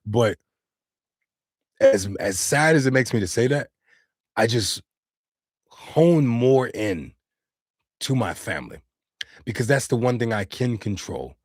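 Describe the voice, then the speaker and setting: A man's voice: fairly low pitch, slightly rough, dry recording. Earnest slangy man, dry sound. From United States. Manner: earnest, slangy, talks straight to chat. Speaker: live streamer. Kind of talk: casual live-stream talk.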